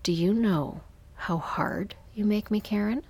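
A woman voicing a smug, domineering male boss who speaks low and seductively. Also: measured pace, vocal fry, a little mellow, breathy edge.

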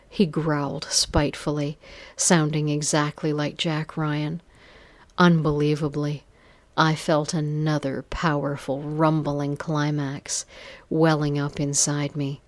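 A woman with a low voice reads an intimate story at an unhurried pace. Her delivery is breathy and drawn out, often sinking to a whisper. The recording is close and dry. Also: flat delivery, dry recording. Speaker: narrator. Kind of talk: scripted erotic story narration.

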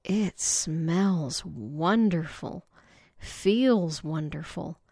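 A woman voicing a playful, eager young woman in a slow, breathy read-aloud story. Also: lowish voice, mellow, dry recording, clean studio sound, exaggerated voice.

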